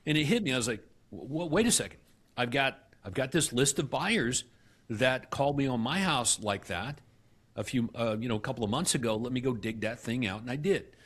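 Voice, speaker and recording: A middle-aged man, a guest in an interview, telling his story with animated acted-out dialogue and frequent restarts. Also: mid-range voice, brisk. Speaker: guest, real estate company CEO.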